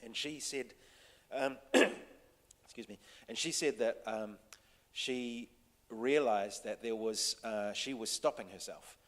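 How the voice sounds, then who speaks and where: A man who works as a TV director, telling a story to a panel audience in a casual, halting way full of restarts and fillers. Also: on the low side. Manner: halting, many restarts and fillers, soft-spoken. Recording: long hall reverb.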